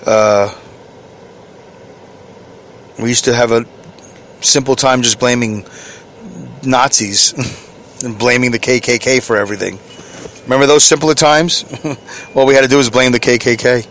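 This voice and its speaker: A man's voice: mid-range voice, steady tone, unhurried, long pauses, a bit bright, slight background noise. A middle-aged man hosting a solo podcast from inside his vehicle, rambling, chuckling at himself and answering his own questions. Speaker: podcast host.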